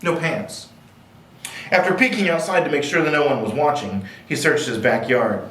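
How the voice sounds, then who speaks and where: A man's voice: on the high side, normal speed, a bit bright. A man reading picture books aloud at a library, with playful, jokey asides. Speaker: library storyteller. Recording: echoey room, distant mic.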